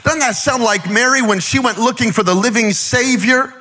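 A man preaching an energetic sermon as guest pastor, with rising fervor and shouted calls to the crowd. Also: very high voice, normal speed, faint music behind.

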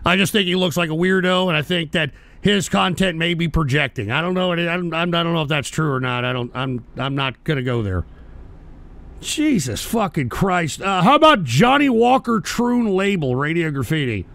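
A man's voice: a little high, expressive, moderate pace, vocal fry, a bit bright. A man hosting a call-in show, talking crude and ranting with constant swearing. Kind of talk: profane call-in stream chat.

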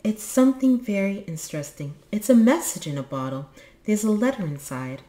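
A woman's voice: medium pitch, big pitch swings, brisk, dark tone, echoey room, pitched above the performer's own voice, close to an everyday voice. A woman voicing a kind, firm storybook troll mother who can turn cross. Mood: motherly.

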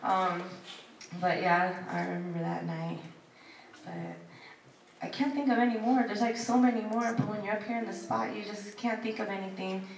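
A woman's voice: mid-range voice, moderate pace, far from the mic, slight background noise. A woman telling family stories at a memorial service, chatty and acting out the voices she quotes, on a handheld microphone. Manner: chatty storytelling, acts out quoted voices, laughs often. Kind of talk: sharing personal stories at a service. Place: packed hall at a memorial service. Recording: echoey hall, speaker off mic, crowd audible.

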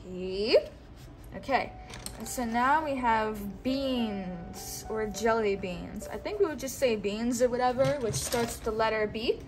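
Slow, coaxing woman teacher. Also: on the high side, over music. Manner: slow, coaxing, repeats words for the child to echo. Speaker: teacher guiding a child. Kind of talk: patient one-on-one teaching.

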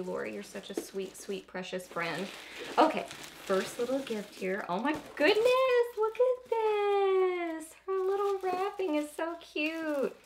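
A woman's voice: on the high side, background noise. A young woman beauty vlogger in casual unboxing chat, bubbly and gushing, often squealing with delight.

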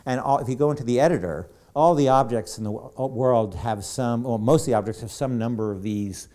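Speaking briskly in a mellow, mid-range voice, a man presents on stage at an event hall as a game creative director. He addresses the live audience conversationally, rambling with many asides.

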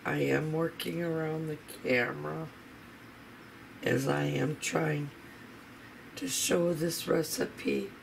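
Slow, gravelly home cooking vlogger. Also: medium pitch, fairly even intonation, slight background noise, low-quality recording. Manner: chatty, talks straight to viewers. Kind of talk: casual recipe demonstration. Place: home kitchen.

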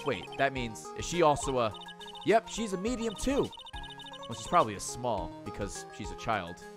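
A man commentating on a video game he is playing, joking, excitable and often swearing. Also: mid-range voice, moderate pace, music in the background. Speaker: let's play host. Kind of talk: gameplay commentary.

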